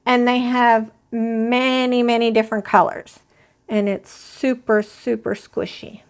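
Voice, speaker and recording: Woman host, crochet stream; unhurried, chatty, a bit high-pitched, talks to her live chat. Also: flat delivery, smooth. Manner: chatty, rambling, addresses live chat viewers.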